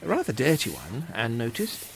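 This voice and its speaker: An expressive narrator reads a children's storybook aloud, the pitch rising and falling a lot. A steady hiss sits beneath the recording. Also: normal speed, vocal fry. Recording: hissy home recording.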